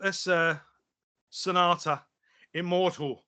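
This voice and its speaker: A man co-hosting a podcast in casual chat, animated and often laughing as he acts out quotes. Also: sits high, takes it slowly, clean tone. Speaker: podcast co-host.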